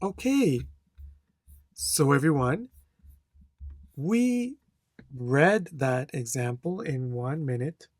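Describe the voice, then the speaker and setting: A speaking-test instructor walks learners through a model answer at a very slow, careful pace, stopping often to ask whether they are following. The voice sits at a middling pitch and is recorded close and dry, with no room sound. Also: no room sound. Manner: slow, deliberate, checks in with "okay?" after each point; reads a model answer aloud with careful intonation.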